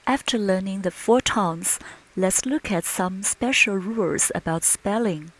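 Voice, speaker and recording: A woman teaching a language lesson slowly and patiently, modelling sounds with clear, deliberate speech. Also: a bit bright, low-quality recording. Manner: clear, deliberate, models each tone with exaggerated pitch. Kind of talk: slow, patient pronunciation lesson with drills.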